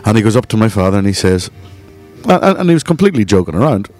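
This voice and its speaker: Man, low voice, salty raconteur who runs a bar. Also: very animated, rapid-fire, darkish tone, faint music behind. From Northern Ireland. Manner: profane storyteller, laughs mid-story. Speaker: bar co-owner. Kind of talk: casual podcast chat.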